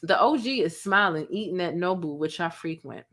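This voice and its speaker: A woman's voice: on the low side, expressive, normal speed, a bit bright. A woman blogger giving sassy, slangy commentary, breaking down a celebrity feud and mimicking the people she quotes. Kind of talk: commentary vlog.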